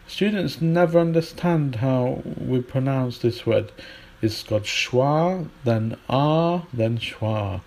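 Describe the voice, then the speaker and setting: A British man leads a podcast lesson on pronunciation, saying each example word aloud over and over. His voice is dark and gravelly, with a slow, unhurried delivery full of pauses. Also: medium pitch. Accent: British English. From United Kingdom. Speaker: English teacher.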